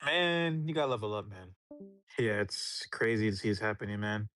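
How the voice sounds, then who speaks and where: Low-voiced, easygoing male guest. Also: expressive, moderate pace, fairly bright tone, no echo, studio quality. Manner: easygoing, says "man" often. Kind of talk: casual chat.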